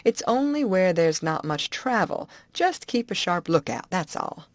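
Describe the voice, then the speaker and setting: A man's voice: high voice, sing-song, measured pace, no echo, voice pushed up. A woman reading a plainspoken male overseer who talks in a folksy, reassuring way and drops word endings. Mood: matter-of-fact.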